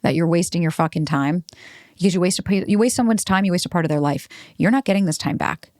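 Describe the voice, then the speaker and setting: A woman's voice: lowish voice, fast talker, darkish tone, dry recording, studio quality. A woman hosting a self-help podcast, talking bluntly with plenty of swearing and acting out the voices of the people she quotes. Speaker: podcast host.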